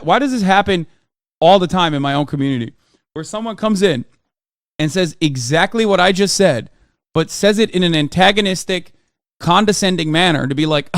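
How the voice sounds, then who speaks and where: A man's voice: sits high, a bit bright, no room sound, studio quality. A man livestreaming, ranting in a casual, profane and exasperated way, with emphatic restarts. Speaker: livestreamer reacting to clips.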